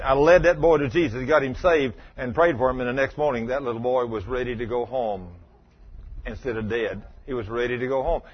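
A man preaching a sermon, telling stories in a fervent, animated way with a husky voice. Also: medium pitch, dull audio.

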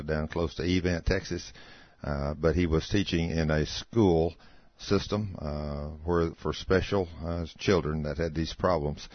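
A man's voice: a bass voice, dry recording. A man hosting a talk show, introducing his guest unhurriedly with many "uh" fillers. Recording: dull, muffled sound.

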